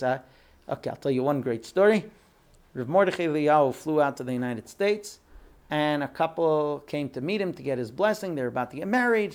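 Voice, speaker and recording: A man teaching a Torah class, telling stories with animated acted-out quotes and frequent fillers. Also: a little high. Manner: animated storyteller who acts out quoted speech.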